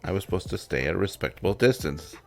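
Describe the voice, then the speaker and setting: A man's voice: sits low, expressive, quick pace, creaky, faint music behind. A man co-hosting a podcast, chiming in with dry jokes in casual chat. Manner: dry joking interjections. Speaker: podcast co-host.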